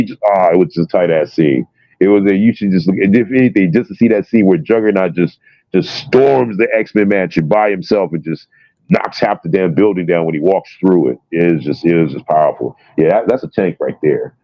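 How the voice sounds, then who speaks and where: Deep-voiced man, dull dry sound. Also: no room sound. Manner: storytelling, excitable, lots of fillers and swearing. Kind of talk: casual chat.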